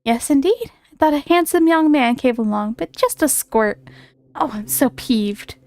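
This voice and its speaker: A woman's voice: sits high, expressive, measured pace, darkish tone. A woman voicing a vain, demanding swamp fairy who speaks in a haughty, teasing way in a video game.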